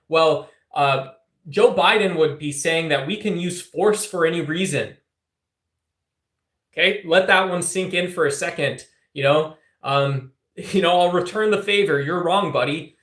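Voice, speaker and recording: A man from the Southwest United States hosts a political livestream and argues with chat, teasing and combative. He leans on fillers and restarts as he talks. His voice sits a little high and bounces around an echoey room. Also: a bit bright. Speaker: livestream host answering chat. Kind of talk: casual political livestream talk.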